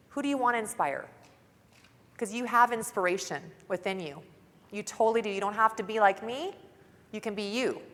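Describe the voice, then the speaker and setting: Woman speaker, fairly high bright voice, fervent and casual, reverberant conference hall. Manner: fervent, casual, audience-rousing. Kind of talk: motivational seminar talk. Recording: hall reverb from live event.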